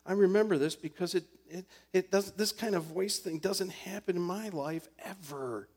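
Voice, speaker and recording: A man's voice: high voice, moderate pace, darkish tone. A man preaching a sermon as a pastor, telling a personal story earnestly and building to emphatic points.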